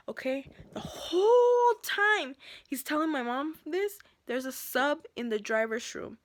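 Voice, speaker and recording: A fired-up woman with a slightly high voice rants about a run-in at work, speaking to her viewers as if to a friend. The sound is dry and close, with no room echo. Her telling stays animated and unscripted. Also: measured pace. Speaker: school bus driver. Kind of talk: unscripted venting storytime to camera.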